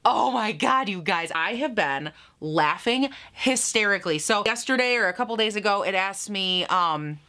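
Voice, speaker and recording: A woman's voice: medium pitch, expressive, moderate pace, hardly any pauses, sharp tone. A young woman talking casually to viewers while doing her makeup, chatty and giggly, often mocking herself. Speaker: beauty vlogger. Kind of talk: casual get-ready-with-me chat.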